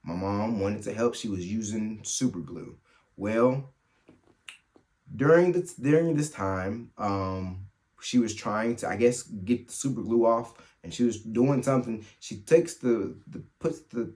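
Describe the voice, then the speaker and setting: A man hosting a solo podcast, telling funny family stories in a casual, animated way and laughing as he goes. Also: lowish voice. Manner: animated, laughs through his stories, quick asides. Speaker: podcast host. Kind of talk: solo storytelling chat.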